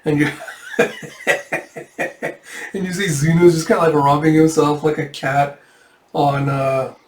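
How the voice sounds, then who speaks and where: A man's voice: a little high, steady tone, a little slow. Rambling man narrating a manga. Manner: rambling, self-deprecating, filler-heavy. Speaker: manga reader. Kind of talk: casual read-through narration. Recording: echoey room, distant mic.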